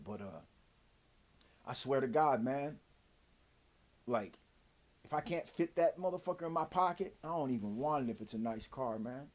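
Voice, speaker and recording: Male vlogger, profane heated rant, dry-throated, mid-pitched voice. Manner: profane, heated, swings from loud to low. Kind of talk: casual rant to camera.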